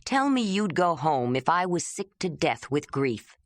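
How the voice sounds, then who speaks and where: Brief: woman doing a grieving young man, defiant, emotional, low and expressive. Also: a little slow, no echo, clean studio sound. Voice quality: pleading, emotional. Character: proud young man, grieving, restless wanderer.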